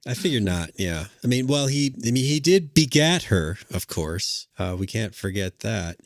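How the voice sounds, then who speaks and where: A man's voice: fairly low pitch, very animated, moderate pace, dry recording. A man co-hosting a podcast, musing in a thoughtful, hesitant way with dry humor. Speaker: podcast co-host. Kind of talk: casual chat.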